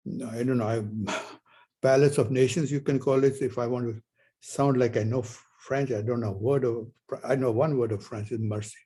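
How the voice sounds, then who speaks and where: A man's voice: mid-range voice, warm tone, breathy edge, low-quality recording. A man in his seventies giving a university lecture, telling a rambling personal story full of rhetorical questions. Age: 70s. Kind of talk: classroom lecture.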